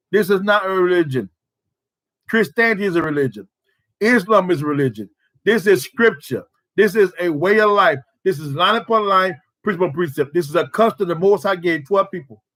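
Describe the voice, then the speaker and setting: High-voiced emphatic man preaching. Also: a bit bright. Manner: emphatic, rhetorical questions, colloquial. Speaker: preacher leading prayer service. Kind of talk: sermon.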